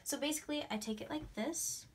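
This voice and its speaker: A young woman chatting through a craft tutorial in a bubbly, excitable way, breaking into gasps and squeals. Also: sits high, a little fast, a little hiss or hum. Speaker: craft vlogger. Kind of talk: casual DIY tutorial chat.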